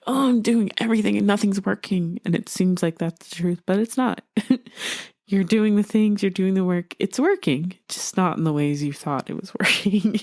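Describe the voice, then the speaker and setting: A woman's voice: on the low side, darkish tone, no room sound, studio quality. Candid woman hosting a podcast. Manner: open and earnest, laughs often, many fillers. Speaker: podcast host. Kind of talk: candid personal podcast talk.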